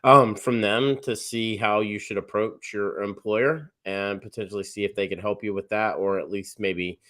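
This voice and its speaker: A man hosting a live stream, relaxed, reading out viewer comments and thanking guests with many fillers. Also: on the low side, moderate pace. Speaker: host.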